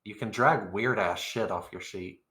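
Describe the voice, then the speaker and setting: Man, tabletop player, bright voice, lively pitch, roomy echo. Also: normal speed. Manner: easygoing, explaining offhandedly. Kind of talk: casual chat during a tabletop game. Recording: roomy echoing mic.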